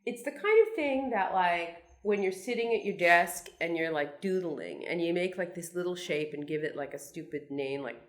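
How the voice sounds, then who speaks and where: A woman's voice: lowish voice, lively intonation, normal speed, few pauses. Wry, rambling woman in her sixties. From Brooklyn, New York. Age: 60s. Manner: wry, meandering, self-deprecating storytelling with many restarts. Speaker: cartoonist guest speaker. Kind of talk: anecdotal talk to an audience.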